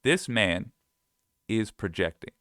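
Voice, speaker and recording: A man hosts political commentary in a sarcastic, scoffing way, reading quotes aloud and picking them apart. His voice sits low and sounds smooth and clear. The recording is dry and close. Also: lively intonation, slow pace, sharp tone, dry recording. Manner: sarcastic, scoffing, frequent laughs.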